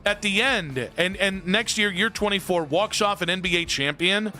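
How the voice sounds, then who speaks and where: A man hosting sports radio, ranting loudly and joking with his co-host. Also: high-pitched, normal speed, faint music behind. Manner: loud, animated ranting with comic bits.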